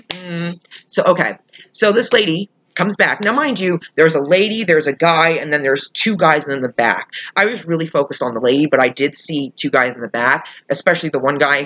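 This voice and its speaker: A woman's voice: deep voice, slightly rough. A woman vlogger heatedly telling an angry personal story, swearing freely and acting out quoted voices. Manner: heated, profane, animated retelling with quoted voices.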